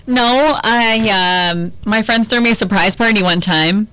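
A female radio co-host banters and tells a casual story, giggling and playfully protesting. Her voice is bright and clear. The sound is close and dry with no room echo. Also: mid-range voice, measured pace.

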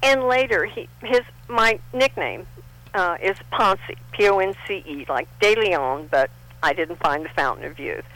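A woman's voice: medium pitch, unhurried, low-quality recording. An older woman from Texas, a guest in a casual interview, telling stories animatedly and acting out the people she quotes. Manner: animated storyteller, acts out quotes.

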